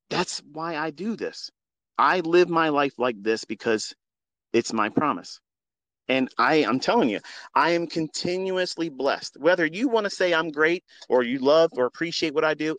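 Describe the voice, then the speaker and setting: A man hosting a live audio space, speaking into a phone in an earnest, preachy, profane monologue that swings from quiet to loud. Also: on the high side, dry recording. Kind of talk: impassioned unscripted monologue.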